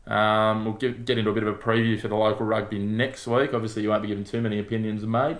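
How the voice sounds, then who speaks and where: A man's voice: fairly low pitch, quick pace. A man with an Australian accent co-hosting a casual sports podcast, rambling matily with lots of fillers. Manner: relaxed, matey, rambling with fillers. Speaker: podcast co-host.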